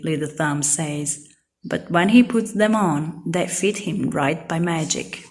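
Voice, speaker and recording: A woman reading a children's storybook aloud in a clear, simple way for young learners. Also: sits low, takes it slowly. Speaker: storybook reader.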